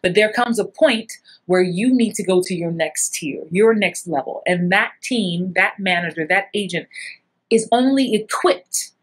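Middle-aged woman, acting coach, lively chatty teaching voice that jumps high in acted-out bits. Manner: animated, acts out little scenes with big jumps in pitch. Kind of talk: casual coaching talk.

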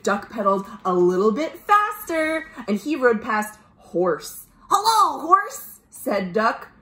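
Woman, children's librarian, picture-book read-aloud, slow and unhurried, echoey room. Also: medium pitch. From United States. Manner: animated storytime voice, gasps and asks questions. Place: at home.

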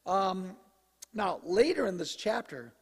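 A man preaching a sermon as pastor in a conversational, joking way, his voice slightly hoarse as he clears his throat. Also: high-pitched, big pitch swings, slow. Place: church sanctuary. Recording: live church recording with long reverb.

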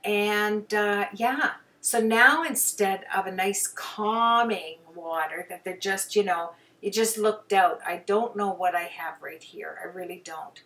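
A woman talks through her own painting in a loose, rambling way, full of "you know"s and little jokes at her own expense. Her pitch sits in an ordinary middle range. The mic sits a little away from her, so she sounds slightly removed. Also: takes it slowly, few pauses, sharp tone, distant mic. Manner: chatty, rambling, self-deprecating, many fillers. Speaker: hobby painter. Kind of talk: casual voice-over about her own painting.

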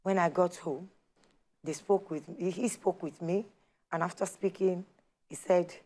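A woman's voice: fairly low pitch, measured pace, pauses often. A woman telling her personal story on a talk show, acting out the dialogue as she goes. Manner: animated storyteller, acts out quoted dialogue. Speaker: guest sharing her testimony.

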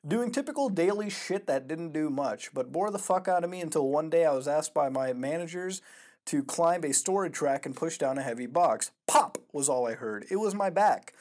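A man hosting a casual reaction commentary, profane and excitable, swinging from mumbled asides to loud outbursts. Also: on the high side. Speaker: host.

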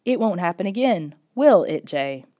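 A woman's voice: medium pitch, very animated, moderate pace, dark tone, lightly acted. A woman voicing a stern, strict father scolding his son, from a storybook audiobook. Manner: stern, demanding.

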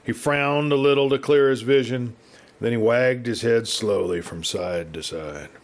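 A man reads a western novel aloud as a storyteller, his delivery measured and unhurried. His voice sits at an ordinary male pitch. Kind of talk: scripted narration of a western novel.

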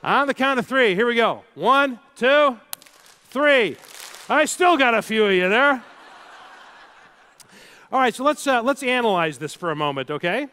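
A man's voice: very high voice, unhurried, pauses often. A middle-aged man giving a keynote speech to a live audience, telling stories and talking straight to the crowd. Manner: storytelling, animated, addresses the crowd directly. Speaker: keynote speaker. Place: large hall with live audience.

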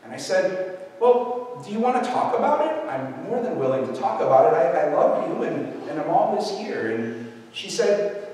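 Older priest preaching in an echoey church. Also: male voice, a little high, big pitch swings, normal speed. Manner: storytelling, warm anecdotal with restarts. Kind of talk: sermon. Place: large church. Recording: echoey church hall from a distance.

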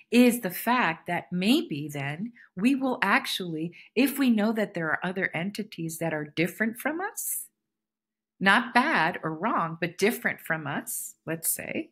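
Woman podcast host, husky lower voice, reflective spiritual solo musing. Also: a bit bright. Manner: reflective, spiritual musing that circles back and repeats phrases. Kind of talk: casual solo podcast monologue.

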